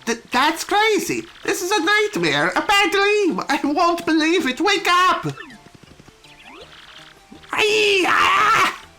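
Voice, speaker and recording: A woman's voice: high-pitched, animated, measured pace, fairly bright tone, soft background music, pitched above the performer's own voice. A woman voicing a giddy young female fan who gushes and squeals, reading game dialogue aloud. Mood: panicked. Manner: squealing, breathless gushing.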